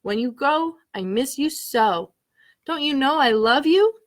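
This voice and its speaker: A woman voicing a small, gentle forest mouse in a picture book read aloud, speaking softly and slowly. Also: high voice, lively intonation. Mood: tender.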